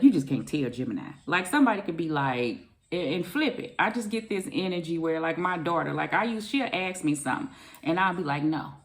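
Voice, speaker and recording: A woman's voice: lowish voice, gravelly. A middle-aged woman, doing a chatty casual tarot reading and calling her viewers baby and honey. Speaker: tarot reader.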